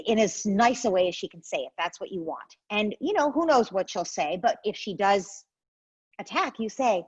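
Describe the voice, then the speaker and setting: A woman's voice: mid-range voice, expressive, normal speed, breathy edge, dry recording, dull audio. A woman, a parenting expert guest, explains her method in an interview and acts out what parents and children say.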